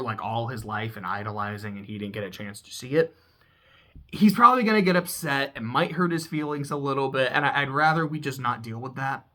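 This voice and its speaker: A YouTuber voicing a blunt teenage girl from a game who protects her brother, speaking low and earnest. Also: fairly bright tone, natural voice. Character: protective teen girl, blunt older sister. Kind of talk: game recap with voices.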